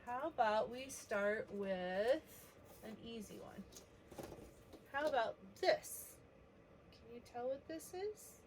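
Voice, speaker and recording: A woman teaching a preschool letter lesson, gently sounding out each letter for young children. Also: a little high, lively intonation, slow, pauses often, a little hiss or hum.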